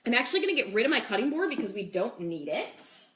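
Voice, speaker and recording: A fast-talking young woman with a fairly high, sing-song voice hosts a casual cooking demo at home, chatting with viewers and using "like" and "okay" a great deal. Her kitchen sounds echoey, with faint noise in the background.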